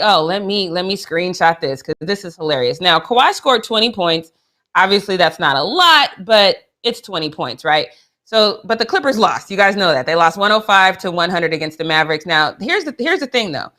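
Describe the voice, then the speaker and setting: A young adult woman co-hosting a sports chat show, animated and playful. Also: medium pitch. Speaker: co-host.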